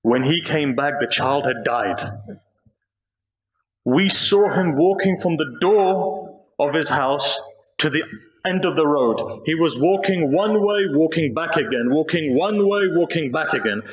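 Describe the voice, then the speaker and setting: Male preacher, high-pitched, slow grieving storyteller, recorded in a reverberant mosque hall. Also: expressive. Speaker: Muharram speaker at a mosque. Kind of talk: mournful sermon narration.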